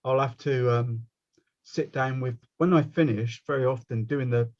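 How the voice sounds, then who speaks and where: A man's voice: medium pitch, normal speed, darkish tone, dull audio. A man with a West Country accent teaching a watercolour workshop over a video call, chatty and rambling, often breaking off to mock himself. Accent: West Country English. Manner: rambling, chatty, self-mocking. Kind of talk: casual online workshop teaching.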